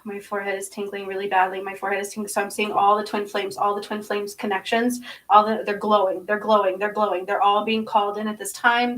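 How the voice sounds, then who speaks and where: A woman's voice: mid-range voice, fairly bright tone. Intense woman channeling, distant from mic. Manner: intense, repetitive, chants glossolalia-like syllables; speaks with eyes closed, asks listeners if they understand. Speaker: spiritual channeler. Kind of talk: live spiritual channeling monologue.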